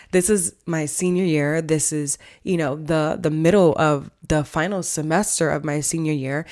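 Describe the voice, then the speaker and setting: A woman hosting a casual storytime vlog, chatting through a personal story and acting out what people said. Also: low voice. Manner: chatty storytelling, acts out quoted dialogue. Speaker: vlog host and family counselor.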